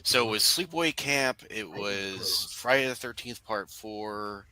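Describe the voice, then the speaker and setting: A man's voice: on the low side, unhurried, a crowd in the background, poor audio. A man co-hosting a casual online watch-along, talking in a loose, rambling, tipsy way. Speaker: co-host. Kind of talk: casual chat.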